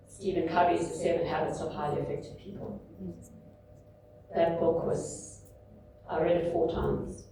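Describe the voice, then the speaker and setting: Woman in her 50s talking at a book launch, lowish mellow voice, candid storytelling, echoey hall from a bit far off. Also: a little hiss or hum. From South Africa. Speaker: author and speaker. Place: large indoor event room. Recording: echoey hall, mic at a distance.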